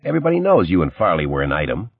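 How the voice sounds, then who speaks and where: A man's voice: low-pitched, wildly swooping pitch, very fast, creaky, breathy edge, dry recording, exaggerated voice. A man voicing a blunt, teasing male police lieutenant in an audiobook. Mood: brash teasing. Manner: brash, teasing. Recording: slightly dull, dry recording.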